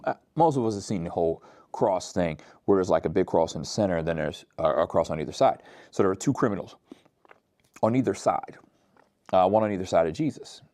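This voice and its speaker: Deep-voiced man, casual sermon. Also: no room sound, studio quality. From Pittsburgh, USA. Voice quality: relaxed, conversational, slangy. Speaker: pastor.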